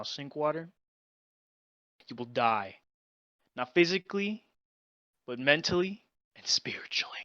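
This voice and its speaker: A young man telling a funny story as a guest, dramatic and exaggerated, jumping from loud outbursts to low mutters. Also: dry recording, lo-fi sound. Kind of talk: casual storytelling.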